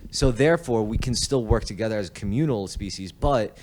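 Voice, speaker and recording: Low-voiced man musing on a podcast. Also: brisk, a little mellow, a little hiss or hum. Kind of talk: casual podcast chat.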